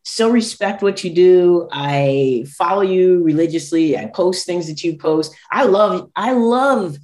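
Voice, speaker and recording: A woman's voice: on the low side, expressive, unhurried, darkish tone. Woman host, reflective and affirming, conversational interview pace.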